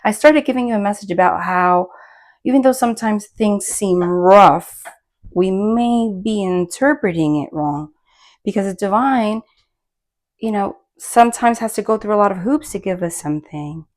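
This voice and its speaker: A woman's voice: medium pitch, normal speed. A woman giving a casual spoken tarot reading, chatty and rambling, with many fillers and restarts. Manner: bursts of laughter and excited asides. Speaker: tarot reader.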